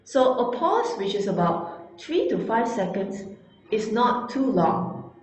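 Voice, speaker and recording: A woman giving an instructional talk, deliberate and emphatic, slowing down to stress key words. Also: a little high, sing-song. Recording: very echoey room.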